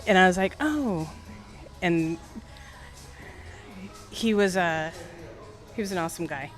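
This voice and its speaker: A woman's voice: on the low side, unhurried, faint music behind. A woman barber in her forties telling stories in a casual interview, acting out the voices of the people in them. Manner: animated storyteller acting out quoted voices.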